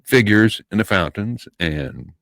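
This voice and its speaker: A man's voice: on the low side, big pitch swings, unhurried, vocal fry, fairly bright tone, no room sound. A man co-hosting a podcast, telling asides in a dry casual way. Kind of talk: casual chat.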